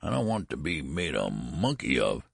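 A man's voice: extremely low pitch, huge pitch swings, moderate pace, vocal fry, breathy edge, no room sound, studio quality, exaggerated voice. A man voicing an elderly man who has just been born as a baby, in a quavering, meek voice. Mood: grumbling.

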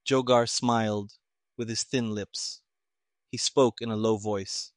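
A man reading a detective story aloud in a steady, even voice. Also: fairly low pitch, slow, no room sound, clean studio sound. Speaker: narrator. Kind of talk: audiobook narration.

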